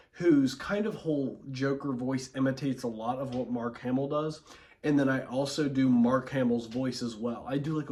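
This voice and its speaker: A man with a hoarse, sore voice, chatting casually to camera in a relaxed, rambling way between voice impressions. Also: medium pitch.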